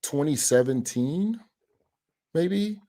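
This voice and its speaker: A man telling stories as a guest on a casual podcast, animated and swearing freely. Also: a little high, slow. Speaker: guest comedian.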